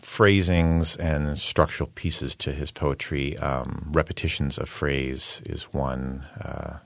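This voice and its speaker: This man has an extremely low, deep voice and speaks in a thoughtful, measured way, often pausing with an um as he explains. He is a poet and translator being interviewed. The sound is dry and close, with no room around it. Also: fairly even intonation, gravelly, no room sound. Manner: thoughtful, measured, with frequent ums. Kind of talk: interview conversation.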